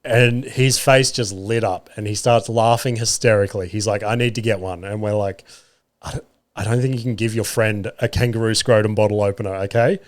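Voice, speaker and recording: An Australian man in his thirties, a podcast host telling casual, animated family stories with swearing and laughter. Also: lowish voice, a little fast. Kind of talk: casual storytelling.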